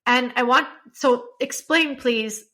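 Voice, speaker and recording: Bright, chatty woman podcast host. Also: high-pitched, slow. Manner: chatty, eager, laughs easily. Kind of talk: casual interview chat.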